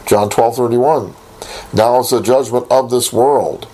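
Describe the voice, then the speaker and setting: A man teaching a Bible lesson, reading scripture aloud and posing rhetorical questions in a deliberate way. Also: mid-range voice, fairly even intonation, mellow, rough recording. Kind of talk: recorded Bible study lesson.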